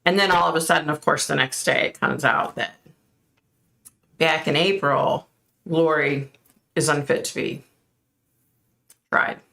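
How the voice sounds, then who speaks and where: A woman's voice: low-pitched, fairly even intonation, measured pace, creaky, pauses often, pushed and bright. A woman hosting a casual livestream, chatting and reacting aloud to viewer comments. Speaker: livestream host.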